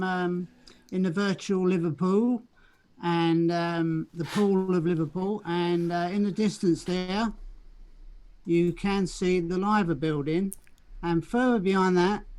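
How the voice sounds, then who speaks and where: A man with a Cockney accent chatting casually and rambling a little before he sings. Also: sits high. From London. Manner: easygoing, rambling with fillers. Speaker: guest singer. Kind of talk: casual chat and singing covers.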